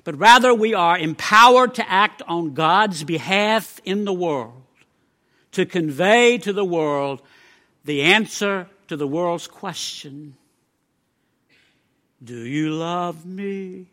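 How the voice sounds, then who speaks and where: A male preacher delivers a sermon in an emphatic way, pausing between phrases. His voice is high and bright, and he takes his time. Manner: emphatic, with measured pauses.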